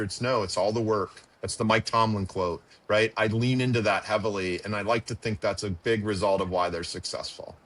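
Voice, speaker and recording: A middle-aged man telling a personal story as a podcast guest, halting and emotional with frequent restarts. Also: lowish voice, fairly even intonation, a bit bright. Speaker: podcast guest, former pitcher and father.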